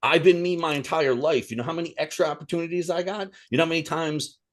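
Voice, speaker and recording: A man's voice: on the high side, quick pace. A man co-hosting a podcast, ranting in casual chat with heavy swearing. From Italian-American. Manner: heated, profane, ranting. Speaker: podcast co-host.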